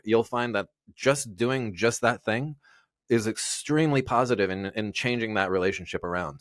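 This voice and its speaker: A man's voice: lowish voice, no echo, studio quality. A man guest in a casual interview, talking earnestly and rambling with many fillers and restarts.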